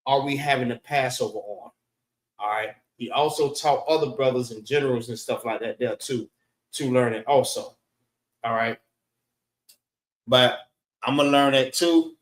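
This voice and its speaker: A man teaching a class, relaxed and casual, often saying "all right" between points. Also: medium pitch, echoey room, low-quality recording.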